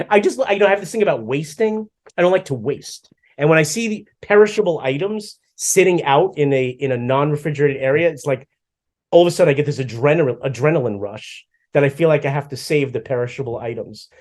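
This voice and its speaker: A middle-aged man co-hosting a podcast, chatting casually and telling stories with lively acted-out asides. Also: fairly high pitch, a little fast. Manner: animated storyteller, acts out his own past lines. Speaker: podcast co-host. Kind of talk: casual chat.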